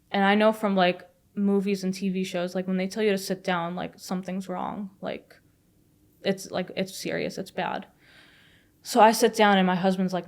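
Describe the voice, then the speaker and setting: A woman's voice: medium pitch, little pitch movement. A young adult woman telling a personal story in casual, rambling speech, full of "like" fillers and swearing. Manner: fast, filler-heavy retelling with frequent "like" and swearing. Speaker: guest.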